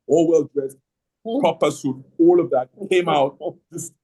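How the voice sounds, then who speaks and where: On an online video call, a middle-aged host rambles through a long story about his marriage, often repeating words and restarting. His voice is fairly high, steady, unhurried, dark and husky, and the recording is rough.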